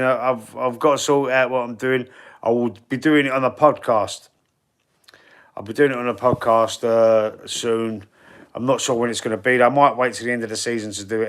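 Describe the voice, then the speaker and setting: This English football fan runs a casual live stream in a Cockney accent, working through chat messages and wandering off in easygoing, slangy talk. He has a mid-range, slightly bright voice. Expect lots of chatter, repeated words and false starts.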